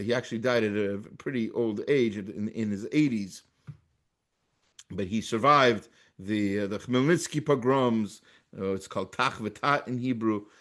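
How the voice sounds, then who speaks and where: Man, American accent, rabbi, Torah class, mid-pitched voice, reads and translates Hebrew texts. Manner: explains Hebrew texts by reading them aloud and translating, with many restarts.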